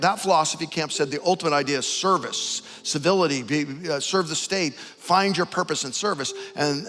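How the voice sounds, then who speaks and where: A middle-aged man preaching a sermon as pastor, animated storyteller building to loud emphasis, on a stage microphone in a large church auditorium. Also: fairly high pitch. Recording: long hall reverb, faint music.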